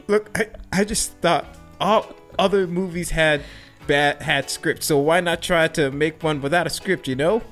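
A man's voice: fairly high pitch, measured pace, fairly bright tone, soft background music. A man directing an improv comedy scene, upbeat and coaxing.

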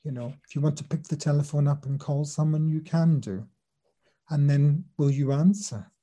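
Dark-toned man explaining mediumship. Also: a little high, normal speed. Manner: earnest, explanatory, drops soft when quoting others. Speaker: spirit medium and teacher. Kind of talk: conversational interview storytelling.

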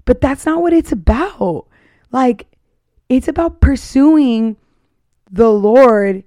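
A woman's voice: sits high, expressive, takes it slowly, mellow, no room sound, clean studio sound. Earnest young woman sharing her faith. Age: 20s. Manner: earnest, heartfelt, rambling with many fillers. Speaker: podcast host. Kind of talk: casual faith testimony.

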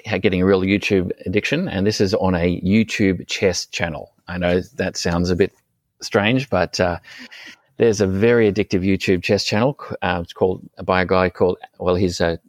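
Very deep-voiced man in casual chat. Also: steady tone, normal speed, no echo. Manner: thoughtful, rambling with many ums and uhs. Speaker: podcast co-host.

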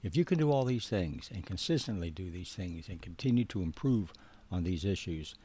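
A man's voice: low-pitched, animated, fairly quick, warm tone, breathy edge. A man giving a spoken teaching talk on counseling, earnest and direct, repeating key points for emphasis. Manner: gives direct instructions to the listener. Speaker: biblical counseling instructor.

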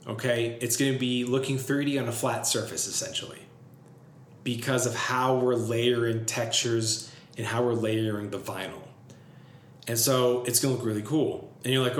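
A man's voice: mid-range voice, moderate pace. An enthusiastic man rambles casually to camera, packing his talk with fillers and the odd curse. His voice sits mid-range and bounces around a roomy space, with a faint ambient hum underneath. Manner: filler-heavy, profane, enthusiastic. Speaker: business vlogger.

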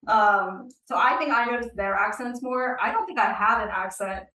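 A woman's voice: on the high side, moderate pace, bright, forceful tone, reverberant, recorded from a distance, low-quality recording. A young woman from Northern Kentucky, a reporter, chatting casually with many fillers. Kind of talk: casual interview answers.

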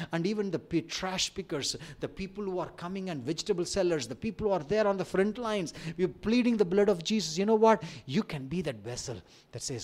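A man's voice: on the high side, a little mellow. Fervent Indian-accented male pastor preaching. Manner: emphatic preaching with rising emphasis and humorous asides. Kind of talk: sermon.

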